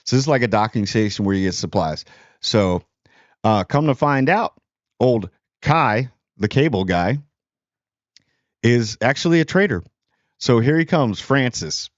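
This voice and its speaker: A man's voice: mid-range voice, animated, measured pace, pauses often, no room sound, lo-fi sound. Sarcastic rambling man reviewing a movie. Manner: rambling and sarcastic, with lots of fillers. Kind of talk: casual spoken movie review.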